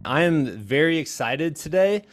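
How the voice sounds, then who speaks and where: A man's voice: a little high, animated, normal speed, over loud music. A young man hosting a casual podcast, joking around and laughing often. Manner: jokey, laughs often, playful bits. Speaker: podcast host.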